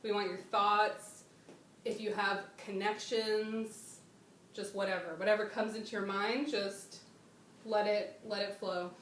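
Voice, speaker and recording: Slangy excitable woman host in echoey room. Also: mid-range voice, unhurried, recorded from a distance. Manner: slangy and excitable, trails off and restarts. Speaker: channel host. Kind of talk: casual chat with a guest. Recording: echoey room, off-mic, faint noise.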